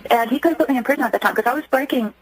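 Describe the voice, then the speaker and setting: Brief: quick, earnest woman guest, slightly high voice, dry close sound. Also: slightly rough, dry recording, rough recording. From Germany. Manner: earnest, acts out quoted speech. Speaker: interview guest. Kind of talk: radio interview storytelling.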